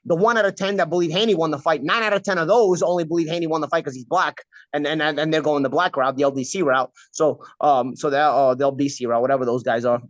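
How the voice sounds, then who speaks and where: A man's voice: a little high, no room sound, muffled recording. A man hosting a casual boxing talk show, stuffed up with a cold, talking bluntly and repeating himself. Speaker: podcast host.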